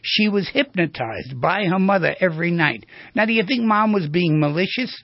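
A male therapist giving a storytelling lecture on the voice, animated and asking his audience questions. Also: high-pitched, normal speed, no room sound, dull audio. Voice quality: very raspy, gravelly.

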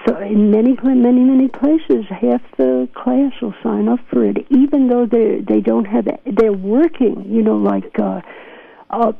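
Her voice is a little high and gravelly, steady in tone and unhurried, on a dry, tinny phone line. The older New York physician shares earnest stories in a thoughtful interview, frequently breaking into laughter.

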